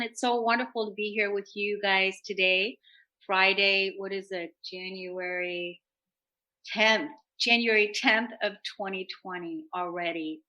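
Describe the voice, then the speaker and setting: Woman talk radio host: bright, upbeat, earnest self-help chat. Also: medium pitch, steady tone, measured pace, low-quality recording.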